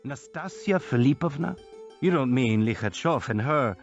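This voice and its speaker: A man's voice: medium pitch, lively intonation, normal speed, highs cut off, pitched above the performer's own voice, natural voice. A man playing a brash, impatient young man who talks bluntly and scornfully. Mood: grim. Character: brash young merchant's son, rough, impatient. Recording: roomy echo, distant mic, music behind.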